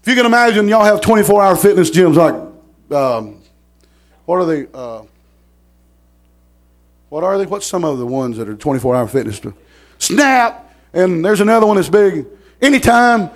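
A middle-aged man, preaching a sermon in a folksy storytelling manner, repeating words and rising to shouts. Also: high voice, big pitch swings, normal speed, long pauses.

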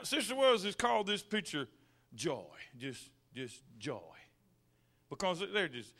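A man's voice: high voice, bright, forceful tone. A man preaching a sermon in church, telling folksy stories, repeating his words and building to fervent peaks. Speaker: pastor. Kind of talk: sermon with personal anecdotes.

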